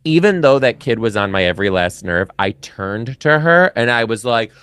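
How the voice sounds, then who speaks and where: A former teacher, a man guesting on a casual podcast, emphatic and profane, jumping high in pitch when he quotes himself. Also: animated, normal speed, fairly bright tone, clear, resonant tone, dry recording. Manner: emphatic, swears freely, big pitch jumps when quoting.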